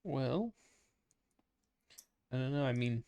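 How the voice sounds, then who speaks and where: A man's voice: medium pitch, lively intonation, slow, warm tone, dry recording, highs cut off. A young man with a Midwestern American accent, co-hosting a casual podcast with dry jokey asides. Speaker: podcast co-host. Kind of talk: casual chat.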